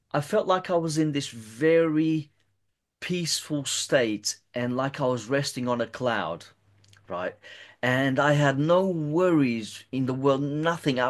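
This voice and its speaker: This man, being interviewed, spins out a long story from his own life. His pitch is average, and he keeps tripping over and repeating words.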